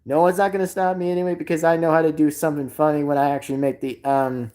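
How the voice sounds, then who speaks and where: Woman streamer, lowish voice, rambling casual chat full of fillers. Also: little pitch movement, quick pace, mellow. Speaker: live streamer.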